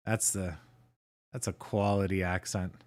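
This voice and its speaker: A man from Canada hosting a casual livestream, chatting with his viewers in a relaxed way and chuckling often. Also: deep voice, unhurried. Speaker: livestream host.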